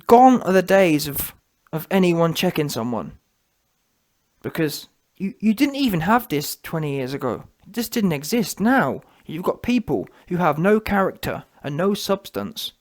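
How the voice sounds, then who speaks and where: High-voiced male vlog host; scornful, animated boxing rant. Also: measured pace. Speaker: boxing commentator. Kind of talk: ranting commentary vlog.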